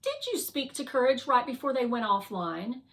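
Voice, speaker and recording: A woman voicing a patient, thoughtful rover robot in a calm, gentle, measured way. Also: sits high, voice pushed up, full character voice.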